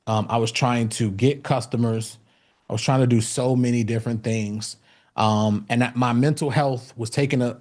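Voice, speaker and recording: A man's voice: medium pitch, darkish tone. A man speaking at an event and telling his own story as a motivational talk, with many fillers and restarts. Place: event stage.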